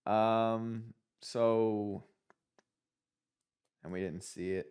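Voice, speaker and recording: Hesitant male player with a smooth, slightly low voice. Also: steady tone, very slow, darkish tone. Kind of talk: casual tabletop play.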